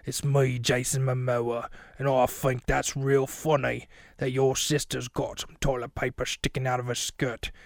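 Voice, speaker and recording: A man putting on the voice of a huge male deli clerk who talks in a slow, low, deadpan drawl. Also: creaky, dry recording, studio quality.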